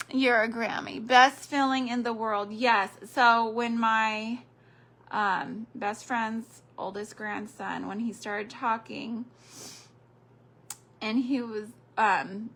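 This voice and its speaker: Older woman, craft livestream host, unhurried and gravelly, counts under her breath. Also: a little high, fairly bright tone. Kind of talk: casual chat while crafting.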